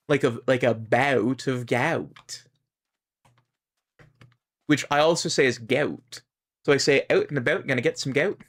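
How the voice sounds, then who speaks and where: A Canadian man chats casually on a live game stream, rambling as he explains to chat how words are pronounced. His voice is mid-range and fairly bright, at a normal speed.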